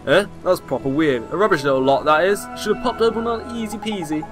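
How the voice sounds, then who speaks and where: Brash cheeky fairy sidekick, read by a man, slangy and fairly high, over game music. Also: brisk, lightly acted. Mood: scheming. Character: cheeky excitable small male fairy.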